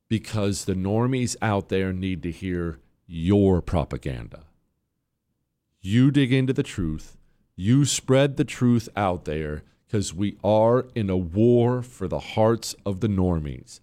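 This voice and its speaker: A man hosting a political talk radio show, delivering a combative, sarcastic monologue and slowing down to hammer his points. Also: lowish voice, animated, warm tone. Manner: combative, sarcastic, emphatic, slows down to stress points.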